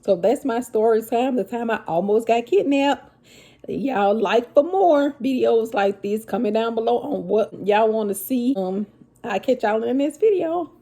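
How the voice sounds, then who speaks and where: A woman telling her own story to viewers in a casual, animated vlog. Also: a little high, normal speed. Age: adult with children. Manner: animated, addresses viewers as y'all, Southern US vernacular.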